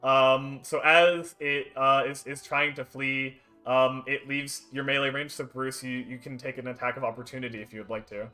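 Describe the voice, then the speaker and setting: A man narrates a tabletop game as game master and keeps stopping on fillers. His voice is bright, and faint music plays underneath. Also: mid-range voice, fairly even intonation. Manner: halting, many fillers and restarts.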